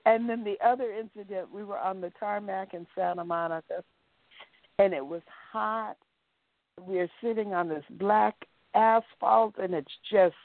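A woman, an actress guest in an interview, telling animated stories and acting out what people said. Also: medium pitch, slight background noise. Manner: animated storyteller acting out quotes. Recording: dry, tinny phone-like line.

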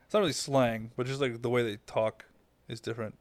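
A man's voice: medium pitch, fairly even intonation, brisk, no room sound. A young man co-hosting a podcast, chatting casually with a sarcastic edge and casual swearing. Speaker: podcast co-host. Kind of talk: casual chat. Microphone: headphones and studio mic.

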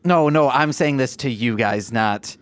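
A man's voice: mid-range voice, a little slow, clear, resonant tone, dry recording, studio quality. A man playing a tabletop game who rambles and jokes in a casual way. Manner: rambling and joking, with restarts. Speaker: player.

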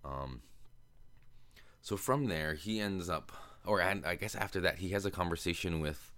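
A man's voice: sits low, fairly bright tone, no room sound. A man hosting a podcast, casually retelling a movie plot in a rambling way with fillers and swearing, sometimes acting out the characters' lines. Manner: acts out characters' lines in quick voices. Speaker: podcast host.

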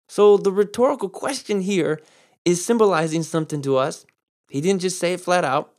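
A man preaching a sermon and explaining Greek words, who repeats key words for stress and switches between slow, drawn-out emphasis and quick asides. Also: high voice, animated, a little mellow. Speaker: pastor. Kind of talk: sermon with Greek word study.

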